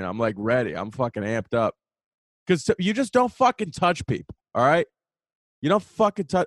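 Slightly high-voiced and recorded with no room sound, a man hosts a podcast and tells a story as a casual ranting monologue. The rant is heated and profane, and the setting is New York.

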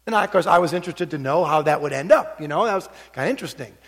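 A high-pitched middle-aged man preaches in a church, his voice ringing through a long hall reverb. He tells stories in a conversational way, then climbs into urgent encouragement. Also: animated, very fast. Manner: storytelling, swings between hushed asides and rising exhortation. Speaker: pastor. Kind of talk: sermon.

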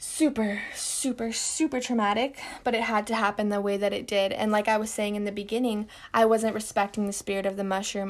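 A young woman hosting a podcast, telling a personal story in an emphatic way, repeating words and swearing casually. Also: medium pitch. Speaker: podcast host.

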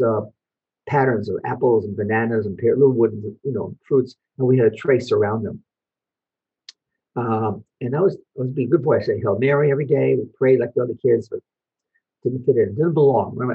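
A man's voice: mid-range voice, breathy edge, narrow, tinny audio. An older man from Belgium, a Holocaust survivor, telling his life story to an audience and asking them questions. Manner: storytelling, asks the audience questions, short pauses. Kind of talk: personal testimony talk to an audience, showing photos.

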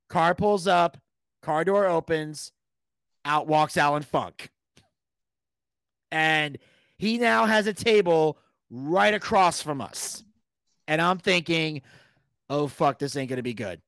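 A high-pitched man spins a long tale as a guest on a podcast, cursing freely and performing other people's lines. He's animated and casual, and the recording has no room sound.

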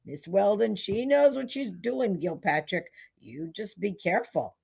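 A woman's voice: mid-range voice, lively intonation, measured pace, vocal fry, a little mellow, breathy edge, voice pushed up, exaggerated voice. A woman reading aloud, voicing a sly, gossipy small-town barber who teases his customers. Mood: teasing. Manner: gossipy, teasing.

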